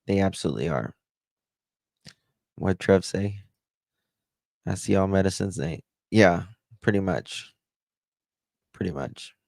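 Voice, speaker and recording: Livestream host, a man, slow and rambling, with a dry, close sound and a low voice. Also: vocal fry, a little mellow, no room sound. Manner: rambling, chatty, fills with "uh" and "like". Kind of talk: casual livestream chat, thanking viewers.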